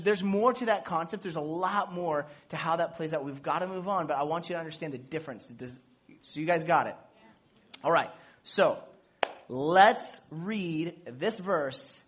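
Male pastor, fairly high husky voice, lively sermon delivery with playful asides. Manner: animated, playful asides, acts out dialogue.

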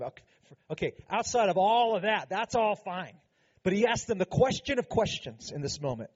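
A man's voice: high-pitched, expressive, normal speed, slightly rough, highs cut off. A man preaching a sermon as pastor, earnest and emphatic, with frequent conversational asides.

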